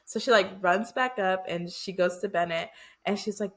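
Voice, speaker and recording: A woman co-hosts a casual book podcast. She retells the plot in an animated way, acting out the characters' lines and laughing along. Her voice sits at an ordinary middle pitch. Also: moderate pace. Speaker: podcast co-host.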